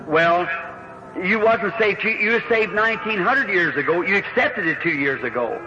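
A man's voice: sits high, expressive, normal speed. A man leading a revival healing service, folksy and earnest, calling out prayer card numbers and rising to fervent emphasis. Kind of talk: revival sermon and prayer line. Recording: lo-fi old recording with audible hiss.

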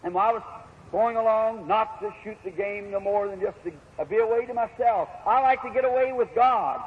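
A man's voice: high voice, a little fast, husky. A man preaching a storytelling sermon in a folksy, plain-spoken way with rural grammar. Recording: dull lo-fi recording with faint hiss.

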